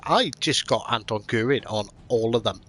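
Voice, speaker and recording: A man's voice: mid-range voice, fairly bright tone, slightly rough. A middle-aged man hosting a gaming voice chat, confident but stumbling through restarts. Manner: slow, repetitive restarts, confident. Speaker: channel host, gamer. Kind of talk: casual voice chat while gaming.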